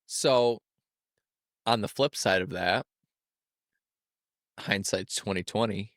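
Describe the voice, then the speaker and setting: A man's voice: on the low side, slow, a bit bright, no echo, studio quality. A man co-hosting a podcast, giving reassuring, laid-back parenting advice with plenty of swearing. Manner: reassuring, laid-back, profane, often says "you know what I mean". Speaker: podcast co-host. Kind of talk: casual podcast chat.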